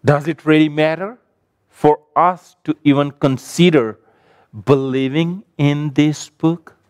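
A male preacher delivers his sermon with a measured, emphatic rhythm, stacking repeated phrases. His voice sits fairly high and comes across smooth and resonant. The sound is dry and close, with no room echo. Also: fairly even intonation, darkish tone. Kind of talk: sermon with closing prayer.

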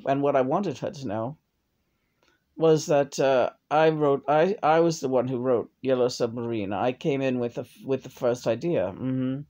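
A woman's voice: sits low, mellow. A woman channeling the spirit of a dead man who rambles, hesitates and makes crude jokes.

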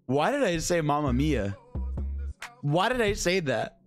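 Loud swearing young man streaming a game. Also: fairly high pitch, very animated, slow pace, soft background music. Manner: loud, swearing, screaming and laughing at jump scares. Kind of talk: live gameplay commentary.

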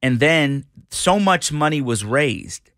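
Middle-aged male radio storyteller; bright tone, close and dry, acts out every character. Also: a little high, slow, dry recording. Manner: animated storyteller, acts out voices. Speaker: radio host guest. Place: radio studio.

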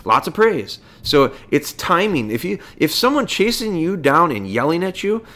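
A man's voice: on the high side, big pitch swings, moderate pace, fairly bright tone. A man hosting a podcast, giving casual dog training advice in a folksy way, full of rhetorical questions.

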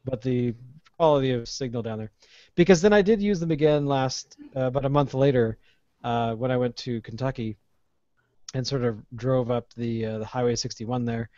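A man, hosting a casual podcast chat and telling an animated, ranting story with plenty of swearing. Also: mid-range voice, normal speed, no echo. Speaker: podcast host. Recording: dull lo-fi podcast audio.

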